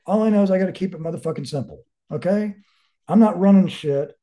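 Mellow-voiced man swearing bluntly. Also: sits high, quick pace. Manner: heavy swearing, blunt and rambling; reflective, searching. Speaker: interview guest. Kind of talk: candid casual storytelling.

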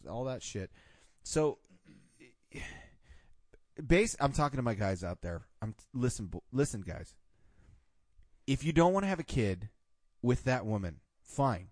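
A man's voice: fairly low pitch, lively intonation, normal speed, a little mellow, dry recording, studio quality. A man hosting a podcast in casual chat, blunt and profane with strong opinions. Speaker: podcast host.

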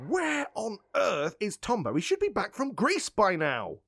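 A dry, announcing voice in a scripted comedy sketch. The tone is bright and the delivery unhurried. The sound is close and dry. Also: medium pitch, huge pitch swings, creaky, breathy edge, no echo. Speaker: comedy podcast regular.

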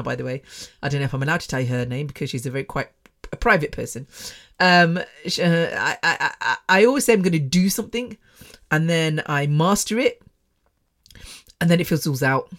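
A woman's voice: low voice, quick pace. A middle-aged woman speaks into a microphone from her bedroom as the host of her own podcast. She rambles frankly and emotionally, laughing and restarting as she goes. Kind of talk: candid personal podcast monologue.

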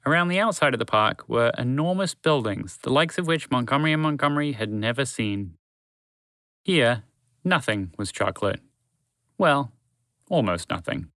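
Bright-voiced man narrating a storybook. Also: mid-range voice, lively intonation, a little fast, no room sound, studio quality. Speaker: storyteller and podcast host.

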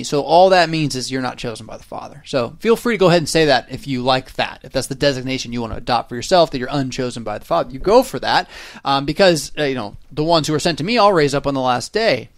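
A man with a somewhat high voice hosts a podcast, explaining a Bible passage conversationally with frequent fillers and "right?" tags. The studio sound is clean, with no echo.

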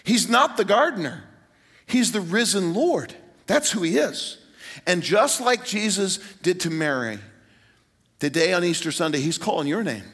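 A pastor preaching an Easter sermon to a large congregation, retelling the story with animated voices. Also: male voice, moderate pace, slightly rough. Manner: animated storytelling, voices quotes with rising pitch. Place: large church hall. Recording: reverberant church hall.

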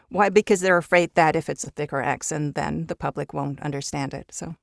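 A woman's voice: low-pitched, fairly quick, creaky, no room sound, clean studio sound. A woman raised in Mexico with Spanish as her first language, chatting casually as an interview guest about her voice work, often restarting words. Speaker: voice actor guest.

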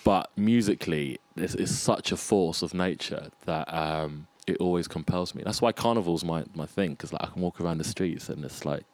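A low-pitched man talks as a guest in a casual conversation. He is reflective and thinks out loud, restarting phrases and warming to his subject. The sound is dry and close, with little room around it. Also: moderate pace, few pauses, no echo. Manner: reflective, restarts and lists ideas, animated about music. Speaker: podcast guest, freelance arts producer.

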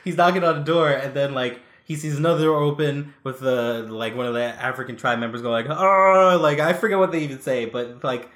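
A man's voice: mid-range voice, flat delivery, a little fast, hardly any pauses. Rambling man in an echoey room. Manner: rambling, many fillers and restarts. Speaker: podcast co-host. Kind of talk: casual chat reviewing old cartoons.

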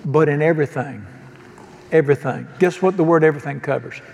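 A man's voice: on the high side, a little fast, vocal fry, darkish tone, in a large hall, dull audio. A man preaching a sermon as pastor, folksy and joking, often asking the congregation questions. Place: church sanctuary.

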